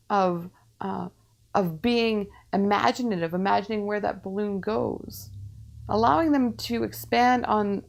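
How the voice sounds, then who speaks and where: A woman speaking as a medium, giving channeled spiritual teaching in a measured way, repeating her phrases with calm pauses. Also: mid-range voice, gravelly.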